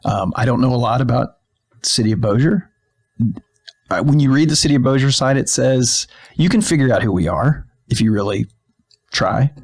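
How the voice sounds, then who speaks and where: A man's voice: mid-range voice, animated, moderate pace. A man co-hosting a podcast, telling stories in a rambling casual chat full of fillers and restarts, in a filmed studio. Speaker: podcast co-host.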